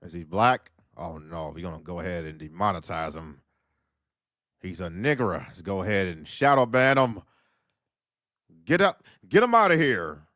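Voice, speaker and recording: A man voicing a video platform as a smug, scheming corporate figure, muttering low and mocking. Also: expressive, moderate pace, fairly bright tone, no echo, studio quality.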